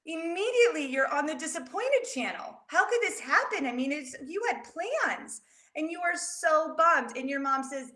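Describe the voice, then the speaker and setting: A woman educator telling an expressive story to teach children, speaking directly to them in an animated way. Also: high-pitched, normal speed. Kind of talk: storytelling lesson for kids. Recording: roomy echo.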